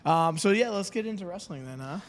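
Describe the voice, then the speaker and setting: A man with a somewhat high voice hosts a relaxed podcast chat. He keeps things moving with quick prompts and friendly back-and-forth. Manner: short prompts and agreeable interjections. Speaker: podcast host. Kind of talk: casual chat. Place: podcast studio.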